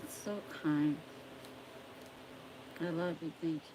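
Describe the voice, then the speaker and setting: Low-voiced young woman, slow drawl. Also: noisy background. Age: young adult. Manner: slow, drawling, chatting with viewers by name. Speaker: livestreamer. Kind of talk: casual livestream chat.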